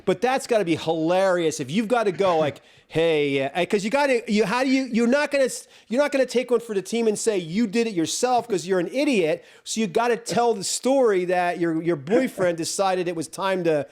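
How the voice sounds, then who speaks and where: Man, high voice, podcast co-host, casual joking chat, laughs a lot. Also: fairly quick, few pauses, darkish tone. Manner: laughing, riffing on jokes.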